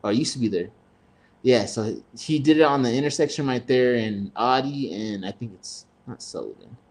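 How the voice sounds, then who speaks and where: A man's voice: medium pitch, moderate pace. A man on a casual podcast telling a family story, cursing freely and acting out the voices of his relatives. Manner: profane, animated, slips into voices of relatives. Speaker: podcast co-host.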